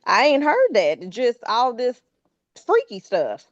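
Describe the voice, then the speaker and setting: A woman's voice: a little high, wildly swooping pitch, slow, no room sound, muffled recording. A woman co-hosting a podcast, giving frank, opinionated takes in informal casual chat. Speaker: podcast co-host.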